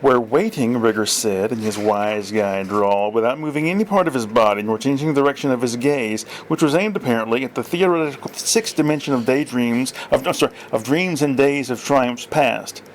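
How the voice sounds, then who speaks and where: A man's voice: medium pitch, a little hiss or hum, close to an everyday voice. A man doing wise-guy cat boss Rigger. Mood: cool. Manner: slow wise-guy drawl. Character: laid-back wise-guy male cat gang leader.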